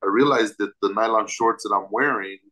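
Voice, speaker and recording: A man with a somewhat low voice recounts a personal story as an interview guest. He talks vividly and with emphasis, restarting phrases as he goes. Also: a little fast, bright, forceful tone, rough recording.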